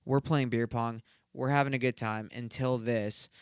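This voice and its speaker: Young man, solo podcast host, rambling profane storytelling, smooth clear voice, dry close sound. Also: medium pitch, steady tone, moderate pace, dry recording. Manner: rambling, profane, filler-heavy retelling.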